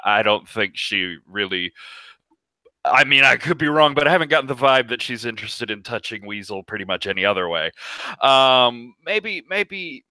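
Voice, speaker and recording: A man's voice: medium pitch, bright, forceful tone, no echo. Man doing a prim, courtly alien ex-con. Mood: hesitant. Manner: courtly, formal, a bit prim. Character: fanged male alien ex-convict, polite and fussy.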